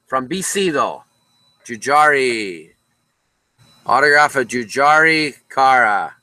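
A man's voice: mid-range voice, very animated, slow pace, bright, forceful tone, no room sound, rough recording. Chatty man hosting a card break. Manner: casual, chatty, talks to viewers by name. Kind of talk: casual live-stream card break. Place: card shop.

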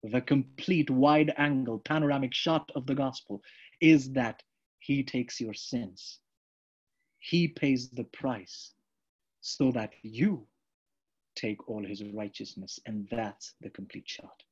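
A man's voice: medium pitch, slow, breathy edge, muffled recording. A man preaching a sermon with fervor, often repeating his lines and calling his listeners friends.

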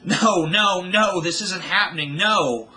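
A man's voice: slow pace, sharp tone, exaggerated voice. A man voicing a grieving, furious teenage girl who screams and sobs. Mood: anguished. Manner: screaming, sobbing, shrill.

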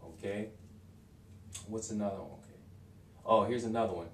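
A man giving a casual video language lesson, hesitant with many fillers and restarts, repeating phrases slowly for practice. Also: lowish voice, steady tone. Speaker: language learner teaching lessons. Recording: roomy, distant home recording with faint hiss.

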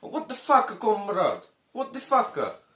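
A man voicing an indignant, swearing Italian man with a put-on Italian accent and a slow, scolding delivery. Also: sits high, huge pitch swings, fairly bright tone, roomy sound, full character voice. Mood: offended.

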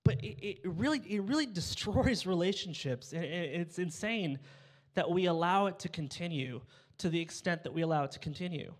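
A man's voice: high voice, lively intonation, moderate pace. Young male pastor preaching with humor. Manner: humorous storytelling, acts out dialogue. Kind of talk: sermon. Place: church sanctuary. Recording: church hall reverb.

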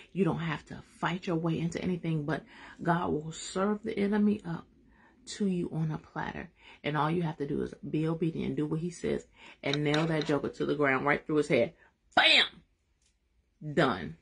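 A woman leads a live-streamed Bible study, excitable and folksy in her emphasis, and she drifts into soft prayer. Her voice is deep, gravelly and husky.

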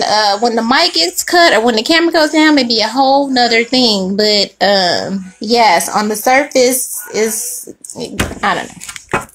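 A woman's voice: fairly high pitch, a bit bright, slight background noise. A young woman reading tarot in a casual, slangy chat, laughing often as she talks to her viewers. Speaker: tarot reader.

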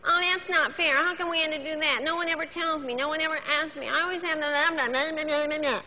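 A woman's voice: high-pitched, steady tone, fast talker, bright, forceful tone, big-room sound. A woman voicing a self-pitying adult who whines and complains. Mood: whiny. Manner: whining, complaining.

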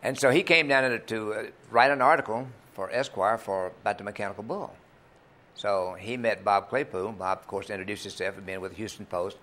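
The older country singer, also a club owner, tells folksy, rambling stories as a TV interview guest, speaking in a low voice with a fairly bright tone.

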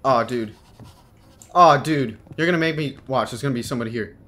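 A man's voice: medium pitch, a little fast, fairly bright tone, slight background noise. A young man giving horror game commentary, jumpy and slangy, yelping when startled and talking back to the game. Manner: slangy, keeps saying dude and bro. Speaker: gaming video host.

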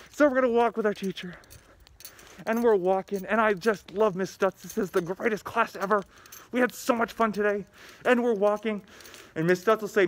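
A school principal with a high, somewhat bright voice records an upbeat, enthusiastic video message for students, telling corny jokes along the way.

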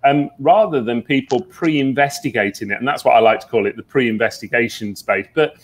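A man, a psychic medium guest, telling stories earnestly in a relaxed interview, with many fillers. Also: medium pitch, brisk. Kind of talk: conversational interview.

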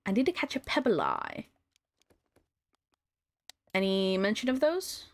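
A woman's voice: medium pitch, huge pitch swings, slow pace. A woman streaming a video game, chatting casually and gushing over cute things.

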